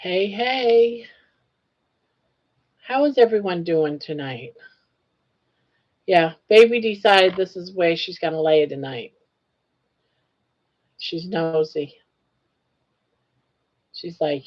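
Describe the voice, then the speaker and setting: An older woman chats in an unhurried, drawn-out way as she hosts a live crochet stream. She coos fondly at her pet between greetings to viewers. The audio is dull and muffled, like a lo-fi live stream. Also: on the low side, expressive. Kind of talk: casual live-stream chat.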